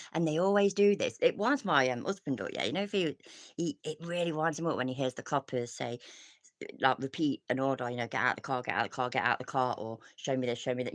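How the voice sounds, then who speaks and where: A woman's voice: very deep voice, no room sound. Woman streamer, rambling rant, dry close sound, restarts and sighs, plenty of swearing. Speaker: commentary streamer. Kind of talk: casual ranting commentary.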